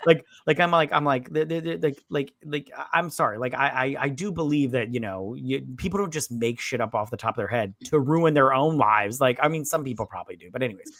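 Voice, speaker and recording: A man's voice: mid-range voice, a little fast, few pauses, a bit bright, no echo. Man, podcast co-host, rambling recap, profane, dry close sound. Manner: rambling, profane, acts out characters in voices. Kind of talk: casual drunk movie recap.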